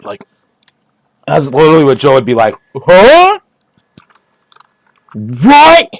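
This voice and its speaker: A man's voice: mid-range voice, fairly quick, no echo. Rambling man with dry close mic. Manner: rambling, repetitive, mock-serious. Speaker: streamer. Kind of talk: rambling comedic monologue.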